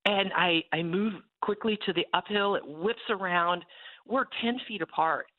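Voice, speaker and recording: A woman's voice: medium pitch, measured pace, no echo. A woman guest telling a vivid, emphatic personal story over a tinny phone line.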